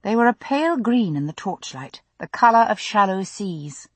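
Husky, lively woman narrating a novel. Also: mid-range voice, moderate pace, no room sound. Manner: expressive, dramatic storytelling. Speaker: audiobook narrator. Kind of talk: scripted first-person narration.

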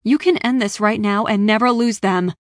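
A woman's voice: mid-range voice, normal speed, dry recording, clean studio sound, natural voice. Woman voicing a cold, commanding stranger. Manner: unsympathetic, commanding, forceful. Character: cold, menacing shadowy young woman stranger. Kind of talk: audiobook character voice.

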